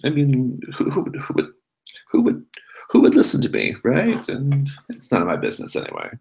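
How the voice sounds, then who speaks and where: A man voicing a nervous, evasive male street vendor who stammers and keeps jumping up in pitch. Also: lively intonation, moderate pace, a bit bright. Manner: hesitant, stammering, jumps high in pitch.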